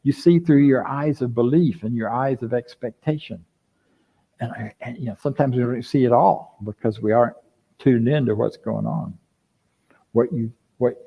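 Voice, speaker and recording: An older man preaching a conversational sermon as a minister, lively and full of rhetorical questions to his congregation. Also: medium pitch, moderate pace, creaky, husky. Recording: dull lo-fi sound.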